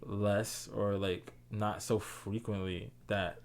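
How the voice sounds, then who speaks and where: A man's voice: on the low side, little pitch movement, slow, creaky, darkish tone, a little hiss or hum. A man co-hosting a podcast in casual chat. He mostly gives brief, laid-back replies and teasing questions. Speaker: podcast co-host.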